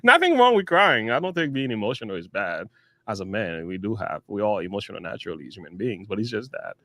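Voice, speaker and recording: Man with a lively, animated voice. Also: lowish voice, fast talker. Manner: chuckles often, loose and conversational. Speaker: host. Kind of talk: casual reaction commentary.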